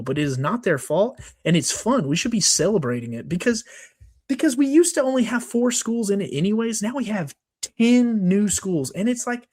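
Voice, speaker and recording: A man's voice: sits high, a little mellow. A man co-hosting a sports podcast, ranting in a casual, worked-up way with lots of fillers and restarts. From Texas. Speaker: podcast co-host.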